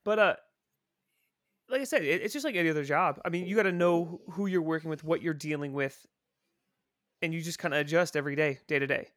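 A man with a fairly high, bright voice talks in a loose, rambling way, swearing freely but staying earnest. The sound is dry and close to the mic, with no room around it. It is a casual podcast chat with friends. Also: quick pace, pauses often, no echo. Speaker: podcast guest, prison supervisor.

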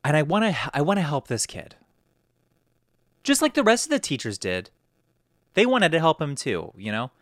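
A man's voice: medium pitch, big pitch swings, normal speed, long pauses, a bit bright, no room sound, studio quality. A young man hosting a podcast, rambling through a story and acting out quotes in a raised voice. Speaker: podcast host. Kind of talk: casual storytelling.

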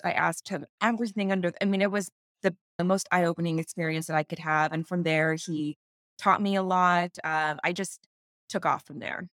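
A woman in her thirties tells a personal story as a podcast guest, her voice a little low. She is animated, laughs often and acts out the voices she quotes. The sound is close and dry. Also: normal speed, no echo. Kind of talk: casual storytelling in an interview.

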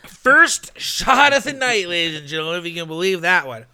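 A man's voice: sits high, a little fast, smooth. A man co-hosting a podcast in casual chat, joking around and tripping over his words. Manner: jokey, animated, stumbles over words. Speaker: podcast co-host.

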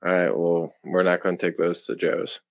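A young man co-hosts a podcast in easy, casual chat, mostly giving short replies. His voice is very low for a man. The recording is dry and close. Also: level tone, normal speed, creaky, dry recording. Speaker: podcast co-host.

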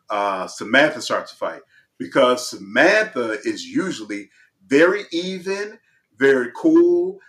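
Animated, bright-voiced man chatting. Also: mid-range voice. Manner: animated, laughs often, acts out quotes. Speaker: podcast co-host. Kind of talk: casual chat.

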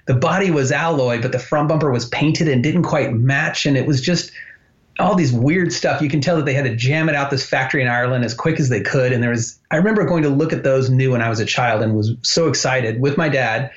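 Male guest, chatty storyteller, muffled lo-fi audio, mid pitch. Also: brisk. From United States. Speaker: guest, animator. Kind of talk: podcast interview.

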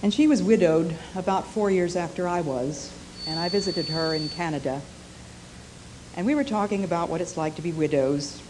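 An older woman preaching a sermon through personal storytelling, speaking in a measured, earnest and reflective way. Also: on the low side, background noise.

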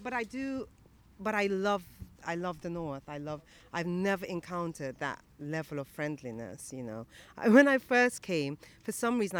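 Animated woman telling stories. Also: lowish voice, slight background noise. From born in Britain, raised in Guyana. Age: 50s. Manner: animated, acts out quoted voices, many fillers and restarts. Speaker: interviewee. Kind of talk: casual storytelling interview.

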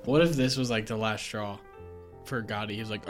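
A podcast co-host in casual chat, laid-back and jokey, reading notes in a flat voice at times. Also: mid-range voice, brisk, music in the background.

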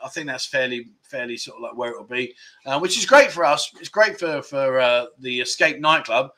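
Bright-voiced chatty host. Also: male voice, mid-range voice, animated, moderate pace. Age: middle-aged. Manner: chatty, jokey storyteller, laughs often. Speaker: livestream host. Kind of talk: casual chat reading viewer comments.

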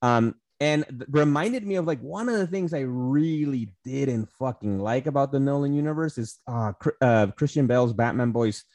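A man's voice: medium pitch, moderate pace, few pauses, darkish tone, no room sound. A man co-hosting a casual podcast, rambling with lots of fillers and swearing. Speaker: podcast co-host. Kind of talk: casual movie discussion.

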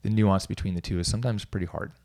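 A man's voice: lowish voice, fairly even intonation, quick pace, a little mellow. A middle-aged man, a coach, talking casually on his own, rambling with restarts and small self-amused laughs. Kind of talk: casual solo talk.

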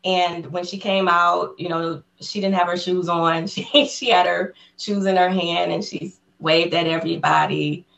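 A woman guest on an interview podcast, excitedly telling a personal story in casual conversation. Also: lowish voice, measured pace, gravelly, few pauses, highs cut off. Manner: excited storyteller who acts out the voices of people in her story.

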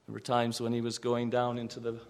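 A man's voice: mid-range voice, monotone, fairly quick, a little mellow. A man pastor preaching a sermon with earnest emphasis, sometimes repeating words and raising his voice on quoted cries.

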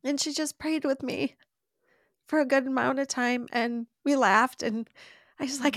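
A woman's voice: high voice, fairly even intonation, a little slow, fairly bright tone, no room sound, studio quality. A woman telling her personal faith testimony about adopting her baby as a podcast guest, speaking in a heartfelt, emotional way and laughing often as she tells the story. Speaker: adoptive mother.

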